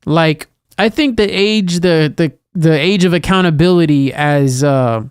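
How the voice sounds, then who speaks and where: A man's voice: a little high, a little slow, clean tone, no echo, studio quality. A man in his thirties co-hosting a podcast, chatting casually and animatedly about parenting. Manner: animated, acts out scolding a child in a raised voice. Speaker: podcast co-host. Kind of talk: casual chat.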